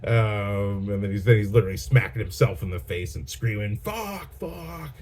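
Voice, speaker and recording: Low, mellow-voiced man reviewing a film. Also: steady tone, a little fast, a little hiss or hum. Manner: rambling and enthusiastic, many restarts. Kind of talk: casual chat.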